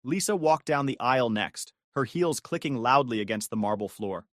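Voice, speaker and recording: A man narrating a first-person drama story with a gossipy relish. His pitch moves a lot across phrases. The recording is close and dry. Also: animated, moderate pace, a bit bright, no room sound.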